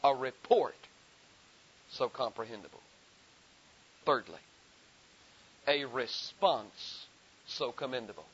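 A man preaching a sermon, building emphasis through repeated phrases and reading scripture slowly and deliberately. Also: mid-range voice, a bit bright, slightly rough. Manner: rhetorical repetition, emphatic rising delivery. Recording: dull lo-fi sermon recording.

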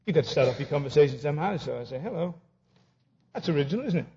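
A high-voiced male preacher delivers a humorous sermon in a very lively, swooping voice. He tells stories and acts out both sides of each conversation. The recording is dull and lo-fi. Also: rapid-fire, slight background noise.

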